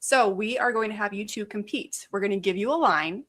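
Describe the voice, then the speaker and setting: Bright-voiced woman co-hosting a podcast. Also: medium pitch, fairly quick. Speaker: podcast co-host. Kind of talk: casual chat.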